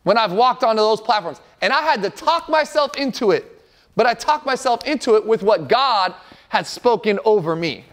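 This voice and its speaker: A man's voice: high-pitched, expressive, normal speed, a bit bright. A man around forty preaching a sermon as a pastor, earnest and emphatic, repeating phrases for effect.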